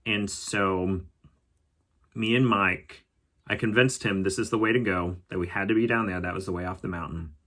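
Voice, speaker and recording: A man calmly telling a personal story as a podcast host, reflective and unhurried. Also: sits low. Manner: calm, reflective storytelling with occasional laughs.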